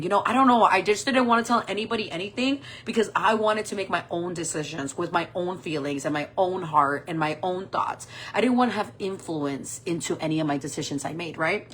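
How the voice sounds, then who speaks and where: A woman's voice: medium pitch, husky. A woman in her forties tells a personal story while doing her makeup, swearing freely and acting out what people said. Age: 40s. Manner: animated, swearing, acting out quoted dialogue. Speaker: makeup vlogger.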